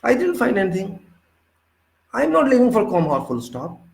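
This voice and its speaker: Indian man, instructor, unscripted lecture; voice on the higher side, forceful, indignant, lots of rhetorical questions. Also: huge pitch swings, moderate pace, vocal fry, echoey room, poor audio. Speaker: civil engineering instructor.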